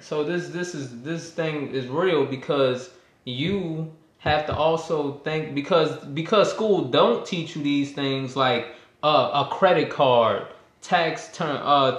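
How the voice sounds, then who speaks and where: A man's voice: a little high, a bit bright. A young man in his twenties chatting casually with loose, slangy talk and frequent restarts. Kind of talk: casual chat. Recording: echoey room.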